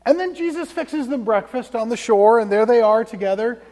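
A male pastor preaching a sermon in a church, telling the story conversationally and dropping to hushed tones for emphasis. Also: extremely high pitch, expressive, moderate pace. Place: church sanctuary. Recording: long church reverb.

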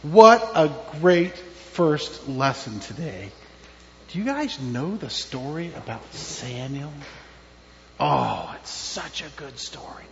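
A man's voice: a little high, big pitch swings, takes it slowly, vocal fry, a bit bright, a little hiss or hum. A man, a pastor, giving a children's sermon in a church, telling a story with questions to the kids. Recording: dull with long church reverb.

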